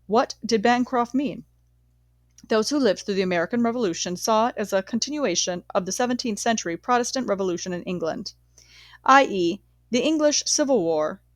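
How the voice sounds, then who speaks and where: A woman's voice: medium pitch, no echo. Woman reading history aloud, dry sound. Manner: measured, steady reading with occasional self-corrections. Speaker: audiobook reader.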